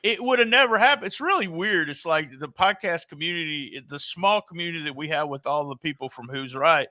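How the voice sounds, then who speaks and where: A man's voice: on the high side, brisk, bright, forceful tone, no room sound. A man chatting casually on a podcast, rambling and restarting his sentences.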